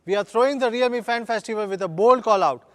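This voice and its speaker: Male executive, high voice, rousing scripted keynote, slogan-heavy delivery. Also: smooth. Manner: rousing, slogan-filled corporate pitch with measured emphasis. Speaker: company executive giving a product launch keynote.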